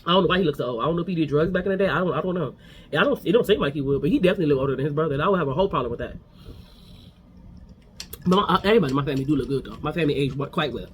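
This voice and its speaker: A man recapping reality TV in a casual, animated, gossipy way, acting out what people said. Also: fairly high pitch, very fast, slight background noise. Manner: animated, gossipy, acts out quotes. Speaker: recap host.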